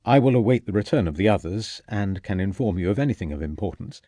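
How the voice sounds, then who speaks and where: A man voicing a courteous, measured Victorian detective. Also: lowish voice, lively intonation, warm tone, no room sound.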